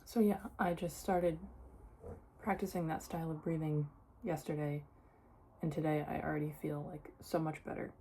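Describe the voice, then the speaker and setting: A woman's voice: low voice, steady tone, moderate pace, dark tone, slight background noise. A young woman talking casually in a personal vlog, sharing her experience with many "like" fillers. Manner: chatty, lots of "like" fillers. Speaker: vlogger.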